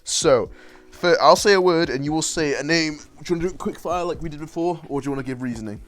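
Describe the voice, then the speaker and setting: A man's voice: fairly high pitch, quick pace. Laughing, stammering man on a call. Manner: laughs often, swears, stammers and restarts. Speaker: podcast host. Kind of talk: casual chat.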